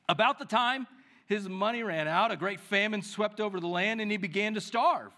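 A man preaching, who reads the scripture with lively dramatic emphasis and leads prayer in a soft, slow voice. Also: high voice. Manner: prays softly and slowly. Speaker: pastor. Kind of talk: sermon with Bible reading and prayer.

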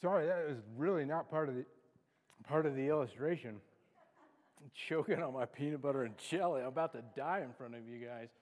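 A man's voice: mid-range voice, brisk, darkish tone. A man preaching a casual sermon, chatty and self-deprecating, cracking jokes as he talks. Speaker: pastor. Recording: long reverb of a large hall.

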